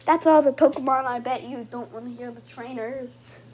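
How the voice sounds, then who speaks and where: A woman casually commenting as she opens trading card packs, swinging from muttering to excited squeals. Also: sits high, normal speed, slight background noise.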